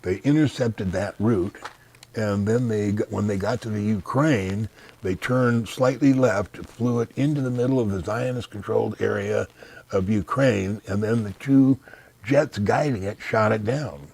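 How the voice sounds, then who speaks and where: A man's voice: lowish voice, a little slow, creaky, darkish tone. A man being interviewed in casual conversation, blunt and dismissive, giving long rambling explanations. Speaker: interview guest.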